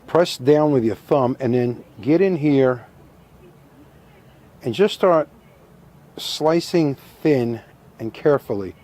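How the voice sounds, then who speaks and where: A middle-aged man calmly demonstrating a hands-on craft step by step, methodical and repetitive with a touch of dry humor. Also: medium pitch. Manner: calm, methodical, repeats instructions, dry humor. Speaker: taxidermy instructor.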